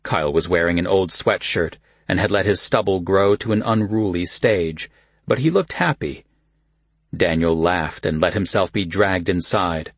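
A man narrating an audiobook in a calm, even storytelling manner. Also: low voice, moderate pace, slightly rough, no echo.

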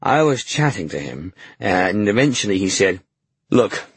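A man's voice: on the low side, sing-song, unhurried, husky, no echo. An English man recalling his work in a frank, wry interview manner, swearing casually. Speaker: actor interviewee. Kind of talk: candid interview recollection.

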